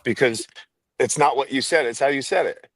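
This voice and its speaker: A man's voice: mid-range voice, moderate pace, vocal fry, no room sound. A man speaking as a sales trainer guest on a podcast, emphatic and demonstrative, driving his points home with stress. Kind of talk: animated podcast talk.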